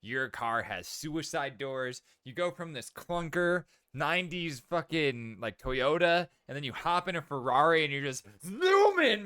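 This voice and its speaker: A man's voice: mid-range voice, sharp tone, clear, resonant tone, no room sound, clean studio sound. A man co-hosting a casual podcast, laid-back and slangy, often calling his friend bro and man. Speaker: podcast co-host. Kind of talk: casual chat.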